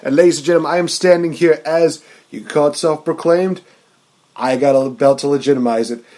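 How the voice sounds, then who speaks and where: Energetic male podcast host, hype intros. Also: fairly high pitch, a little fast. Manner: hype announcer flourishes, energetic. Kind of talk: casual wrestling podcast chat.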